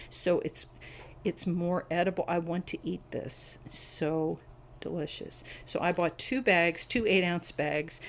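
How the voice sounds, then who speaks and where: A woman's voice: on the low side, low-quality recording. A middle-aged woman chatting at home in a casual review vlog, enthusiastic and savoring each description. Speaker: wax melt reviewer. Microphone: camera on a tripod.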